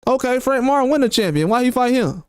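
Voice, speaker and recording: A man's voice: extremely high pitch, expressive, fast, smooth, dry recording, studio quality. A man hosting boxing commentary, talking heatedly and repeating rhetorical questions.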